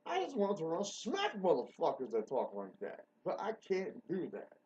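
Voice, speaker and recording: A man hosting a rambling solo show, excitable and profane, swinging between low mutters and sudden loud outbursts. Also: moderate pace, slight background noise. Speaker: show host. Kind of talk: rambling monologue. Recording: dull lo-fi recording.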